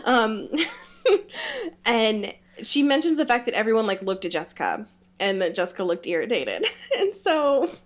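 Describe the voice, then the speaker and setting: A woman co-hosting a podcast in an easy, chatty way. Her voice sits a little high and swings widely as she retells scenes. She giggles often and fills her talk with "like". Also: a little slow. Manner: giggly, animated retelling with lots of "like". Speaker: podcast co-host. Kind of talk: casual book-club chat.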